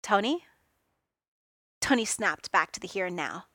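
A woman reading a fan fiction story aloud in an expressive, lively way. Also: on the low side, fairly quick, no room sound, clean studio sound. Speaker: reader.

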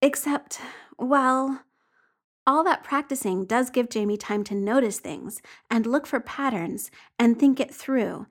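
A woman narrates a story aloud in a fairly high voice. Her reading is wry and conversational, with a storyteller's timing. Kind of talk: expressive audiobook narration.

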